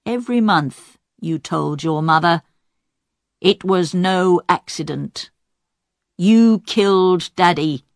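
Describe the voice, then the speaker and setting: A woman voicing a methodical male police inspector in an audiobook, deliberate and accusing. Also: fairly low pitch, gravelly, no echo, studio quality, exaggerated voice.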